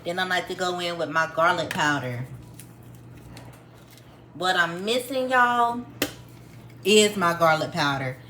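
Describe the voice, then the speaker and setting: A woman with a fairly low voice chats her way through a home cooking tutorial, calling out each step to her viewers. Her tone is relaxed and homespun. Clinking dishes and pans are clearly heard in the kitchen around her. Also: a little slow, long pauses, background noise. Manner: chatty, addresses viewers as y'all, homespun instructions. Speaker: cooking vlogger.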